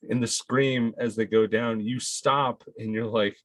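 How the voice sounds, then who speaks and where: Slow, halting man running a tabletop game. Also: medium pitch, fairly even intonation, no echo. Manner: halting, with many fillers and laughs. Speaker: game master.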